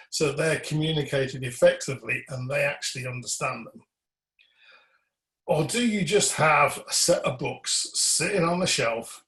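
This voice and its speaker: In a webinar about electrical compliance, a man with a mid-range, fairly bright voice speaks earnestly and with emphasis. He challenges the audience with pointed questions and cues slides to a coworker, and the sound carries a roomy echo.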